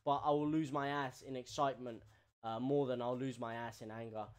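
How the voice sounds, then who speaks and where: A man streaming live, giving excitable running commentary on a football match and repeating himself. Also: mid-range voice, a little fast, clear, resonant tone.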